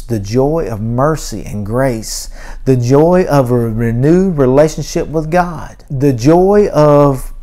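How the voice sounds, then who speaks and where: A man's voice: mid-range voice, mellow. Male preacher, earnest sermon delivery with emphatic scripture reading, church setting. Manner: earnest, reads scripture aloud with rising emphasis. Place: church sanctuary.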